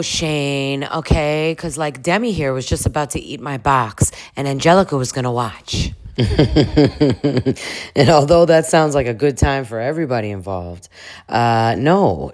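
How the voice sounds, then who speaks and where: Very deep-voiced woman doing crude comedy. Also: expressive, moderate pace. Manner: crude jokes, frequent laughs, chatty. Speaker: commentary vlogger. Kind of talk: comedic reaction commentary.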